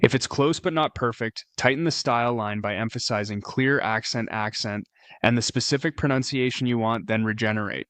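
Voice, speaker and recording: A man giving a scripted tutorial voice-over, explaining steps in a steady, explicit way. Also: mid-range voice, fairly quick, no room sound. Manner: steady, explicit step-by-step instruction. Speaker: tutorial narrator.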